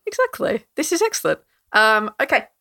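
Chatty lady running a tabletop game, lots of ums, bright voice. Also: fairly high pitch, sing-song, a little fast. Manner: chatty, laughs often, many fillers. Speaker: game master.

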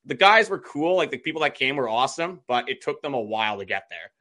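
Bright-voiced man telling a story. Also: mid-range voice, sing-song, quick pace. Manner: chatty, many "like" fillers, quotes himself. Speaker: podcast co-host. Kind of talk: casual storytelling chat.

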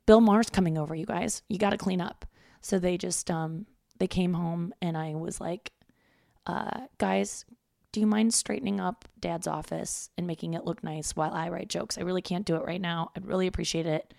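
A woman's voice: fairly low pitch, fairly even intonation, moderate pace, vocal fry, darkish tone, dry recording, clean studio sound. A woman in her thirties, a stand-up comic from St. Louis, chatting loosely and self-deprecatingly through a solo podcast, swearing freely. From St. Louis, United States. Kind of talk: casual solo podcast monologue. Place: her parents' home.

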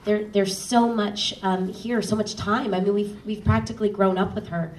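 A woman's voice: medium pitch, steady tone, moderate pace, a little mellow. A woman who narrates audiobooks, chatting casually on a panel with many ums. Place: live event stage. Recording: roomy, distant mic, faint noise.

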